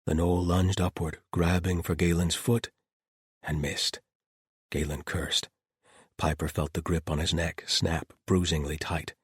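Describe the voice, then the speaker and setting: Low, husky male narrator reading fantasy, dry close mic, steady delivery. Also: a little slow, dry recording. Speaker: audiobook narrator. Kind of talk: scripted audiobook narration.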